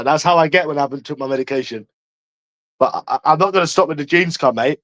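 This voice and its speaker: A man ranting to camera in a taunting, profane way, tagging lines with "mate" and swinging between loud and hushed. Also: fairly high pitch, fast talker, dry recording. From London. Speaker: vlogger.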